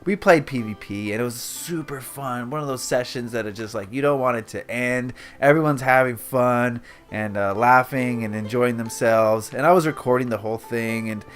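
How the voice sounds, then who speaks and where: A man's voice: mid-range voice, moderate pace, hardly any pauses, soft background music. A man hosting his gaming channel, chatting casually and rambling to himself while he builds.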